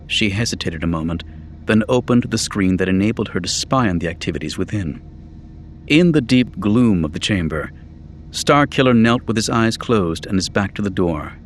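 A man reading an audiobook in scripted narration, measured and even. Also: on the low side, slight background noise.

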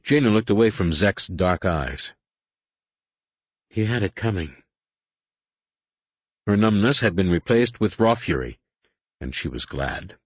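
A man reading a science fiction novel aloud in measured, dramatic scripted narration. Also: low voice, expressive, husky, no room sound. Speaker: audiobook narrator.

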